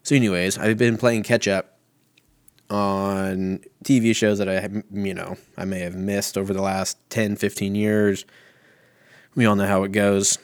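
A man's voice: fairly low pitch, little pitch movement, measured pace, dry recording, studio quality. A man in his thirties hosting a casual solo podcast from home, rambling and swearing with a self-mocking manner. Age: 30s. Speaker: podcast host.

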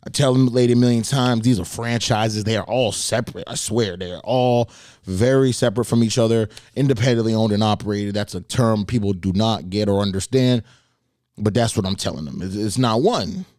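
A man's voice: on the low side, fairly quick, a little mellow, no room sound, clean studio sound. A man hosting a podcast, telling a story in a laid-back, wry way and swearing casually. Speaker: podcast host.

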